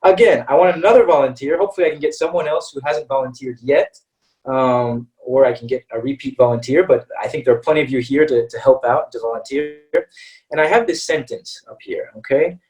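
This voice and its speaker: A man's voice: mid-range voice, fairly quick, a little mellow, distant mic, rough recording. An American man teaching English in a live webinar, talking in a chatty way and often checking in with "all right" and "okay".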